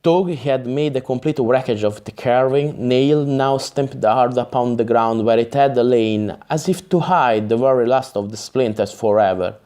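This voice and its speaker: A man reading a fantasy novel aloud as an audiobook narrator, careful and measured, sometimes restarting a word. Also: mid-range voice, warm tone.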